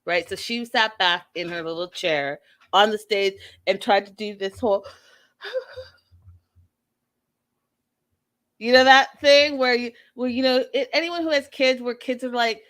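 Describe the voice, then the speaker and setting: A woman's voice: on the high side, takes it slowly, pauses often, a bit bright. A woman hosting a casual reality TV recap, sassy and blunt with an exasperated edge. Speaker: podcast host.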